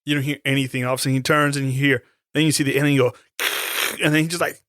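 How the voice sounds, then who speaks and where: A man's voice: mid-range voice, little pitch movement, rapid-fire, a bit bright, slight background noise. A man co-hosting a podcast, retelling a horror movie scene in a laid-back, profane way. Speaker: podcast co-host. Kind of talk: casual movie chat.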